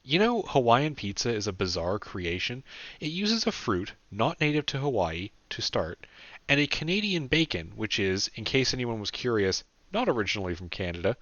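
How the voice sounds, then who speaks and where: A man's voice: mid-range voice, very animated, moderate pace, a bit bright, no room sound, pitched above the performer's own voice. A man voicing a candid young man who rambles casually and swears freely, in an audiobook. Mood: rambling. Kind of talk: audiobook character voice. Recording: dull dry lo-fi recording.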